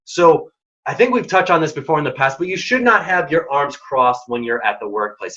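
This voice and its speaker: Bright-voiced man giving emphatic career advice. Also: mid-range voice, dull audio. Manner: emphatic, direct coaching tone. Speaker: workshop speaker. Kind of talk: career advice workshop talk.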